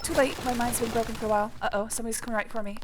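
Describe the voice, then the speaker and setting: A woman's voice: on the high side, fairly even intonation, very fast, noisy background. A woman streamer giving casual let's-play commentary, rambling with self-mocking jokes. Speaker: streamer playing a game. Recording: game music clearly behind.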